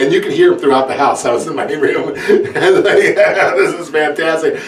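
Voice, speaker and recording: A man telling a funny story from his childhood, laughing often and acting out the people in it with a high voice. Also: moderate pace, few pauses. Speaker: comedian. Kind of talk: sit-down comedy storytelling. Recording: roomy echo, distant mic, clear background noise.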